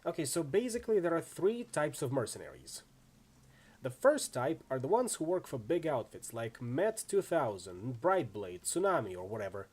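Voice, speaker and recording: A man's voice: medium pitch, sing-song, normal speed, a little mellow, slightly rough. Man voicing a brash female mercenary. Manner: chatty, wry storytelling. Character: brash tough female mercenary, story-loving.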